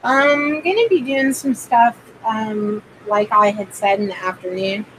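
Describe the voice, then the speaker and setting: A woman's voice: on the high side, measured pace, fairly bright tone, a little hiss or hum, poor audio. A woman hosting a casual livestream and doing card readings, rambling with plenty of fillers and greeting viewers by name. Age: adult parent.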